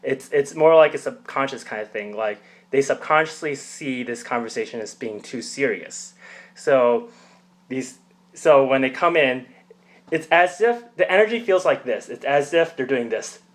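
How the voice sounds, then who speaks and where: A man's voice: medium pitch, animated, moderate pace. A man talking to camera in a casual, rambling way, explaining his ideas through anecdotes, with many fillers, restarts and the odd chuckle. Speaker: personality type channel host.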